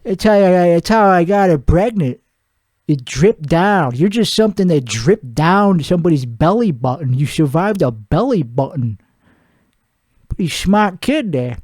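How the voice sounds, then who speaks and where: A man's voice: fairly high pitch, animated, measured pace, darkish tone, dry recording, studio quality. A man playing a crude, boastful podcast host who rambles and laughs at his own jokes. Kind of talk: improvised character comedy monologue.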